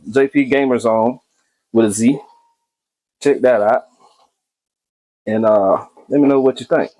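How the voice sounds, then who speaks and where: A man's voice: mid-range voice, warm tone. A man hosting a casual cooking video, talking to viewers as he cooks and often repeating his phrases.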